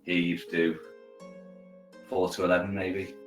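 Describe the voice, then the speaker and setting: A man's voice: deep voice, monotone, normal speed, soft background music. A man casually giving betting odds in an offhand way. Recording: roomy, distant sound.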